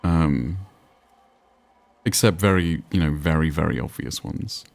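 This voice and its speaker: A man's voice: a bass voice, a little slow, creaky. A man with a northern English accent chatting casually while streaming a game, musing and answering chat. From England. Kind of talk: casual gameplay commentary.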